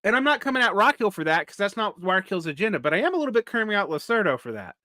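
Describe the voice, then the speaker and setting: A man with a Southern US accent hosts a live solo vlog and works through his points aloud. His delivery is halting, full of restarts and fillers, in a bright, forceful voice on the higher side. The sound is dry, with no room echo. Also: big pitch swings. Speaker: vlog host. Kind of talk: casual live commentary.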